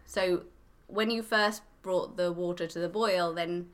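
A woman's voice: on the low side, fairly even intonation, a little slow. A woman from England, a podcast guest, explaining step by step in a matter-of-fact casual chat.

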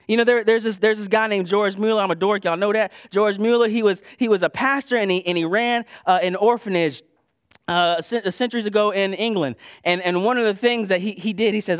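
A man preaching a sermon in a casual, conversational way, moving between loud bursts and hushed asides. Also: high-pitched, brisk, clean tone, dry recording, clean studio sound. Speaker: pastor.

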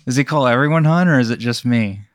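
A man playing along in an improvised comedy bit, dropping short deadpan questions. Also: medium pitch, fast talker, no room sound. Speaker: guest player.

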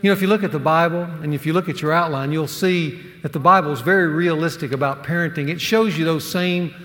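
A man preaching a sermon to men, earnest and emphatic, with dramatic pauses. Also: a little high, a bit bright. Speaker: pastor teaching a men's series. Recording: long hall reverb.

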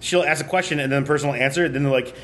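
Rambling man, slightly high voice. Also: a bit bright, slight background noise. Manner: halting, restarts, trails off and laughs. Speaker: podcast host. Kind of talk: casual rambling chat.

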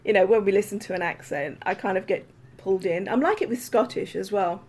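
A woman's voice: medium pitch, fairly quick, darkish tone. A woman hosting a podcast over a video call, chatting casually in a meandering way with lots of fillers. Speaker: podcast host. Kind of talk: casual interview chat.

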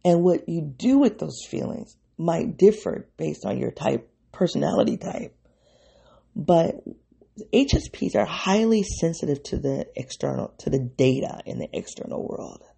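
Here a podcast host thinks out loud in a reflective solo show, rambling, breaking off mid-thought, and addressing his listeners head-on. His voice is a little high and expressive, a touch slow, gravelly, mellow, and slightly rough.

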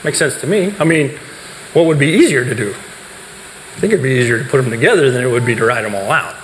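A man's voice: mid-range voice, expressive, fairly quick, fairly bright tone. A man gives a talk to a youth group, explaining points and putting questions to the listeners, then answering them himself. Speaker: speaker teaching a youth group. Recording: reverberant hall, faint background noise.

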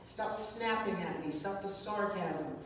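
A woman's voice: medium pitch, a little slow, distant mic, a little hiss or hum. Earnest woman in an echoey hall. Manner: earnest, repeats phrases for emphasis. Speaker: speaker sharing a personal story. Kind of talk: reflective personal storytelling.

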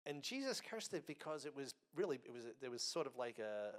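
A man preaching a sermon. He speaks emphatically, slows on key words, and swings between loud and soft. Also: medium pitch, very animated.

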